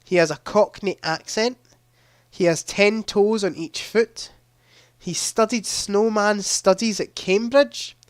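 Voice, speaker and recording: A man's voice: high-pitched, slow, no room sound, studio quality. Chatty man on a headset mic. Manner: chatty, reads quiz questions aloud, often laughing. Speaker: livestream quiz host. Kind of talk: casual live-stream chat.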